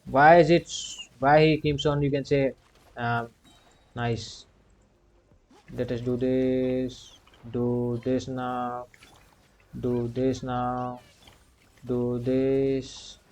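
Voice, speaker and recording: A man's voice: mid-range voice, darkish tone. A young man commentating his own gameplay, repeating commands under his breath, grumbling when things go wrong and padding sentences with the filler "you can say.". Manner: muttered repetitive commands to himself; frustrated grumbling at the game. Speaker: gaming channel host. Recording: dull lo-fi recording.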